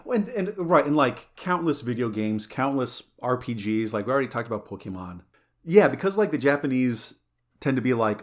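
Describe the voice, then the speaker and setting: A man's voice: mid-range voice, animated, normal speed. A man hosting a podcast, chatting casually in an enthusiastic, rambling way. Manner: enthusiastic, rambling, many fillers and restarts. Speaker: podcast host. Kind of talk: casual chat.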